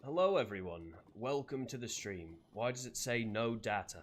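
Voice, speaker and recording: Man, game streamer, casual chat, reads chat aloud, very animated pitch. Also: moderate pace, hardly any pauses. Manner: greets viewers by name and reads chat aloud.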